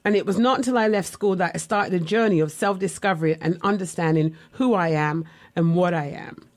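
A woman's voice: on the low side, brisk. A woman telling her own life story in a candid, reflective, conversational way, as an author looking back on her childhood. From West Indian family. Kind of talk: personal memoir storytelling.

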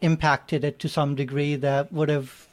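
Male guest on a talk show, reserved, halting delivery, slightly high voice. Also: level tone. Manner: hesitant, stammering, reserved. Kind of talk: radio interview.

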